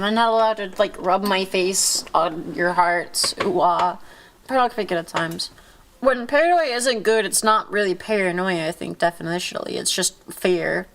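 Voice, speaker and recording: A congested woman streamer with a cold, rambling and joking as she chats, cursing freely. Her voice sits at an ordinary middle pitch for a woman, a little thick and blocked through the nose. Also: a bit bright. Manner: rambling, playful, swears a lot. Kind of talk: casual chat.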